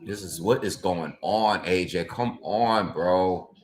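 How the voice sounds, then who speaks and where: A man's voice: sits low, takes it slowly. A man doing live reaction commentary on a boxing fight, exasperated and ranting, with frequent exclamations.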